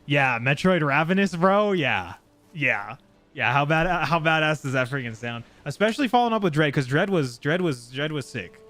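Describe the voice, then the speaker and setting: A man live-streaming a game, chatting casually and excitably with his viewers and swearing freely. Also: on the high side, moderate pace. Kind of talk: casual live gameplay chat.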